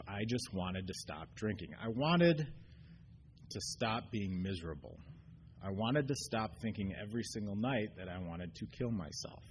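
A man with a very low voice speaks at a recovery meeting, earnest and halting. He stops and restarts often and fills pauses with ums. A faint noise sits under the recording. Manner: earnest, getting choked up. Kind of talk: personal recovery share. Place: meeting room.

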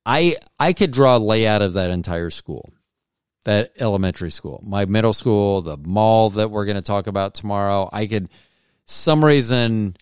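Low smooth guy rambling thru a funny story, keeps cutting himself off. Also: lively intonation, moderate pace, no room sound, studio quality. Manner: rambling, self-interrupting, restarts sentences. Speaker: podcast host. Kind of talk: casual comedic storytelling.

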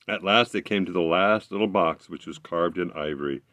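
A man reading a fairy tale aloud, expressive, with occasional slips he corrects as he goes. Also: low voice, normal speed, no echo. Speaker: storyteller.

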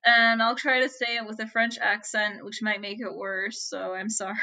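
Woman, podcast co-host, bright crisp voice, chatty storytelling, laughs often. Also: mid-range voice, little pitch movement, moderate pace.

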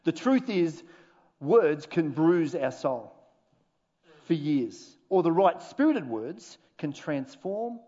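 A man preaching a sermon as pastor, animated and humorous with dramatic pauses. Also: on the high side, muffled recording. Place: church auditorium.

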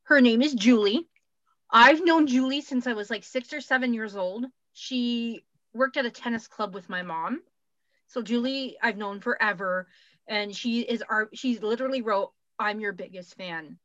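A woman from Canada co-hosting a podcast, talking bluntly and excitably, swearing freely. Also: fairly high pitch, moderate pace, no room sound, highs cut off. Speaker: podcast co-host. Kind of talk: casual chat.

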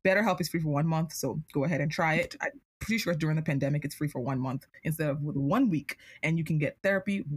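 A young adult woman hosting a podcast, telling a story in an animated casual way, with "like" as her constant filler. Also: low voice, fast, breathy edge, no echo. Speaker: podcast host.

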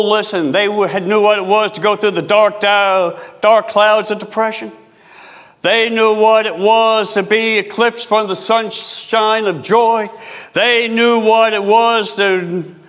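A male pastor preaching a sermon, repeating phrases for emphasis and stretching key words slowly. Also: high-pitched, a bit bright, long reverb tail.

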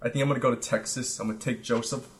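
A man's voice: mid-range voice, very fast. A young man casually telling a long story on a podcast, rambling and swearing, with lots of "like" and "you know". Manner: rambling, profane, animated retelling with quoted voices. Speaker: podcast guest.

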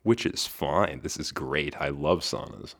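A young man hosts a podcast alone, spinning a story with a very deep voice. He talks casually, tripping over a word now and then and laughing between lines. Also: unhurried, a bit bright. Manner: chatty, laughs between lines, restarts words. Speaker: podcast host.

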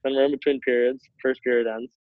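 A young man, a hockey player, telling a story in a rambling casual way, full of likes and quick laughs. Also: medium pitch, level tone, dry recording. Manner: rambling, many likes, laughs between phrases. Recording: tinny phone-like line, dry.

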